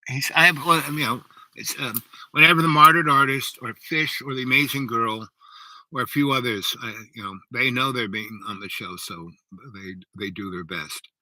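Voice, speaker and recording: A man's voice: mid-range voice, normal speed, pushed and bright, no room sound, poor audio. An older man hosting a live show, chatting in a rambling, digressive way and reading viewer comments. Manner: rambling and digressive, with lots of fillers and "right?". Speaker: host of a livestream show.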